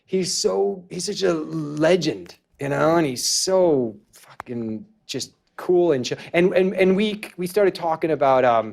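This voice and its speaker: A man's voice: a little high, animated, measured pace, gravelly, darkish tone. A man guesting on a podcast, telling stories in an enthusiastic, rambling way with frequent restarts and casual swearing. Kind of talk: casual storytelling interview.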